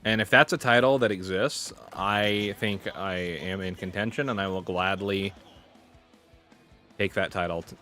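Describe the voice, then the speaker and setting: A man's voice: low voice, unhurried, sharp tone, soft background music. A male streamer giving frustrated live gameplay commentary, muttering, swearing and running himself down. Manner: exasperated, self-deprecating, swearing, muttering to himself. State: sweating in the heat. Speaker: gaming streamer.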